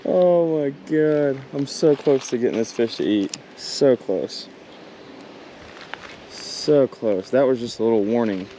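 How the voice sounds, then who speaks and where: A man vlogging as he fishes a creek outdoors, excitedly talking to the fish he catches. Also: medium pitch, measured pace. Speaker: fishing vlogger. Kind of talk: casual outdoor commentary. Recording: outdoor camera audio with water noise. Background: running water and outdoor noise.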